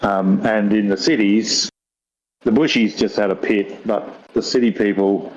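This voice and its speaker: Older Aussie bloke, broad accent, low voice, animated yarn-spinner, dull lo-fi recording. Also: male voice, unhurried. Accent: broad Australian. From Australia. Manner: animated storyteller, mimics voices. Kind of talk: casual chat, storytelling. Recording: dull lo-fi sound.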